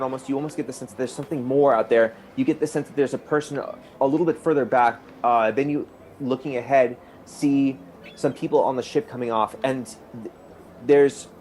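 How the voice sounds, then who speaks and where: A man's voice: medium pitch, a little mellow, a little hiss or hum. A man narrating a tabletop role-playing game as game master, rambling, with fillers and restarts. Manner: rambling, with fillers and restarts, quickening in tense moments.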